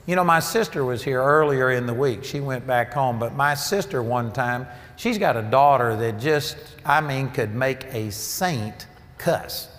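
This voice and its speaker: A man's voice: mid-range voice, a little slow, few pauses, fairly bright tone. A man preaching a sermon, emphatic and storytelling, his voice rising for key points. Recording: long reverb of a large hall.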